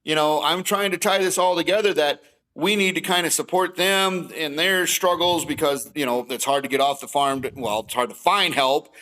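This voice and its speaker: A man's voice: a little high, normal speed, bright, forceful tone, low-quality recording. A middle-aged man, telling his story as a podcast guest and acting out both sides of each conversation. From Wisconsin. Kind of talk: casual storytelling.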